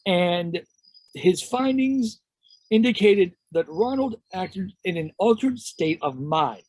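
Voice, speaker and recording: A man's voice: high-pitched, slightly rough, no echo, poor audio. A man co-hosting a podcast, chatting loosely with swearing banter. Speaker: podcast co-host. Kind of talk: casual chat.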